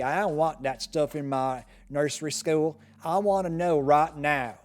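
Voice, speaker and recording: A man voicing an indignant white Southern parent in a put-on Southern accent, ranting loudly. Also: on the high side, close to an everyday voice. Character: blustering white Southern parent, male, middle-aged.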